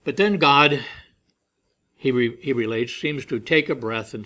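A man's voice: mid-range voice, a little slow, long pauses, bright, forceful tone. A man preaching a sermon, telling a family story and acting out the voices he quotes.

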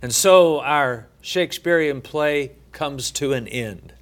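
A middle-aged male pastor preaching a sermon, telling a folksy story with many halting fillers. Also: a little high, fairly bright tone.

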